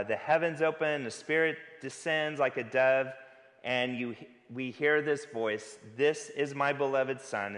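A man with a mid-range, fairly bright voice preaches a sermon as pastor in a church sanctuary. He is earnest and conversational, putting rhetorical questions to the congregation, and the recording carries a long hall reverb.

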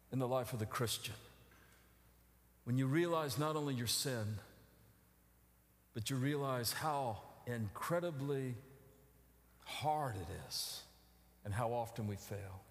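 A middle-aged male pastor preaching a sermon, moving from quiet reflective passages to loud emphatic outcries. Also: high voice, big pitch swings, measured pace, long pauses, big-room sound. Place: church sanctuary.

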